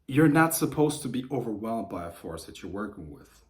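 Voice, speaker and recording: A man teaching the occult, talking unscripted to camera in a profane, heated rant that builds to forceful outbursts. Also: lowish voice, animated, normal speed, hardly any pauses.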